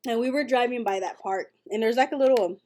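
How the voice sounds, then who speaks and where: A woman's voice: fairly high pitch, fast talker, darkish tone. Chatty Texan woman on a late-night livestream. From West Texas. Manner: chatty, reads viewer comments aloud, storytelling. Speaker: livestream host.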